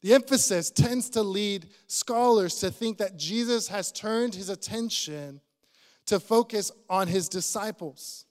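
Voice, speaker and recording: A high-pitched man preaches to his congregation in a church. He is earnest and probing, turning questions straight at his listeners. His unhurried sermon rings out with a long reverb from the church hall. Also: a little mellow. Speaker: pastor.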